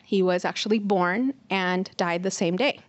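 A woman's voice: lowish voice, moderate pace. A young adult woman telling an earnest, conversational personal story at a live storytelling event.

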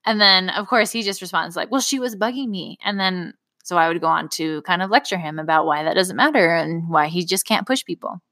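A woman's voice: lowish voice, a little fast, hardly any pauses, pushed and bright, no echo, clean studio sound. A woman co-hosting a parenting podcast, chatting casually about her kids. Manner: chatty, laughs between remarks. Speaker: podcast co-host and mother. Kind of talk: casual conversational chat.

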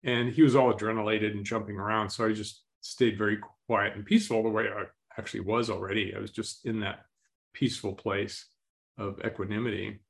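A man telling a story as an interview guest, speaking slowly and calmly and clearing his throat often. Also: fairly low pitch.

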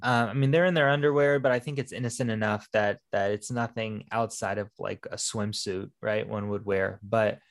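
A man's voice: on the low side, fairly even intonation, moderate pace, creaky, few pauses. A man co-hosting a podcast, talking casually about a film, telling stories and swearing with a rambling flow. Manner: rambling, swears, tells anecdotes. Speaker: podcast co-host. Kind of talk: casual movie discussion.

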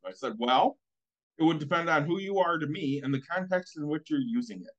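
A man who works as a coach, telling a story in a casual chat, firm and unhurried, swearing freely. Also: fairly high pitch, lively intonation.

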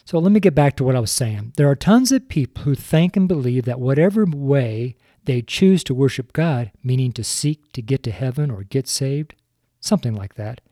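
A longtime street preacher, an older man with a medium-pitched, dark voice, delivers a sermon into a studio microphone for a recorded sermon show. He stumbles over his words, chuckles often and pokes fun at himself. The sound is clean studio audio with no room sound.

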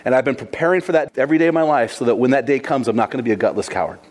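Male preacher, casual and animated, talks straight to the congregation. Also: medium pitch, rapid-fire. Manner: lively, conversational, addresses listeners as guys. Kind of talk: sermon storytelling.

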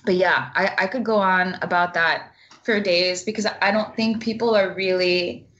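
A woman's voice: on the low side, highs cut off. A woman guest talking bluntly and passionately in a casual interview, swearing freely.

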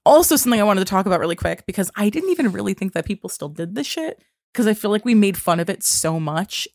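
A woman's voice: medium pitch, lively intonation, fast, darkish tone, no echo, studio quality. A woman co-hosting a podcast in casual chat, blunt and joking, swearing often. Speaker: podcast co-host.

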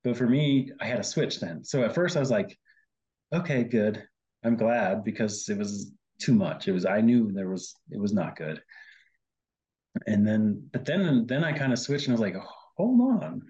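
A man with a low, mellow voice recalls his story in an easygoing, chatty way, often acting out what he said back then. The recording sounds a bit dull and muffled. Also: expressive, moderate pace. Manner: chatty, quotes himself often, many fillers. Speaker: guest, host's husband. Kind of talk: casual conversational storytelling.

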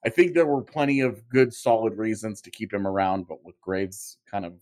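A man's voice: on the low side, moderate pace, darkish tone. A man co-hosting a podcast, talking casually about hockey contracts and thinking aloud with frequent restarts. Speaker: podcast co-host. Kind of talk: casual sports talk.

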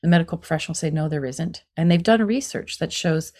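Low-voiced woman explaining parenting. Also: fast, darkish tone. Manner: earnest, explanatory, many fillers. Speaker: guest, parenting expert. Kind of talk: conversational interview.

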